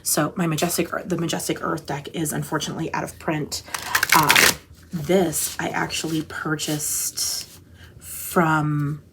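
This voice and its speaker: Chatty, gushing woman with a lowish voice. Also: little pitch movement, a little slow, gravelly, heavy background noise. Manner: gushing, chatty, rambling with self-interruptions. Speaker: tarot channel host. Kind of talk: casual chat.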